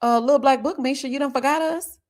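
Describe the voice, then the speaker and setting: A woman's voice: high voice, quick pace. A woman in her forties hosting a live stream, chatting casually and sassily as she reads viewer comments. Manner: sassy, animated, drawling Southern Black vernacular with "child" and "baby". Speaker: livestream host reacting to a reality show.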